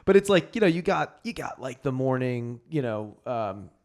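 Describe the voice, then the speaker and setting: A man's voice: mid-range voice, very animated, moderate pace, darkish tone. A man with a mid-range voice co-hosts a golf show. He rambles a little and explains his ideas with casual fillers. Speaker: podcast co-host. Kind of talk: casual chat.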